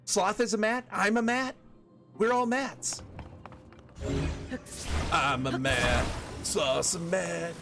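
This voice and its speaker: A man's voice: sits high, slow, creaky, long pauses. A man streaming a video game, chatting playfully with viewers and singing snatches of songs. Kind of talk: casual gameplay chat with chat readers. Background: game music.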